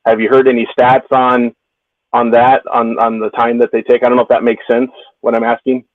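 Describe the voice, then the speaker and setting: A man's voice: mid-range voice, flat delivery, fairly quick, dry recording. Male caller on a tinny phone line. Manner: hesitant, rambling question. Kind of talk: call-in question. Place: in his car.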